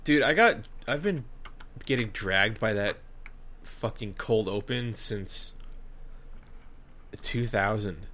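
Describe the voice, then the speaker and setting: A young man co-hosting a podcast, trading deadpan, sarcastic quips in casual chat. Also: lowish voice, slow, pauses often, slight background noise. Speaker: podcast co-host.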